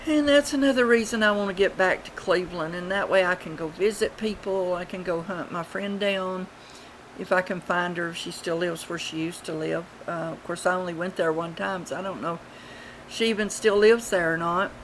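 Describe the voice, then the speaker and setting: Rambling older woman, lowish voice. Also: a little hiss or hum, poor audio. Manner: rambling, unhurried, many fillers. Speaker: vlogger. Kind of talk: casual storytelling. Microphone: webcam.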